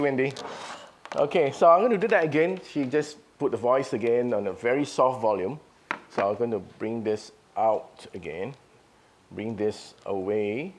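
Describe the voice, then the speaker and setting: A man's voice: medium pitch, slight background noise. A man running a live audio product demo. He thinks aloud, restarting his sentences as he works.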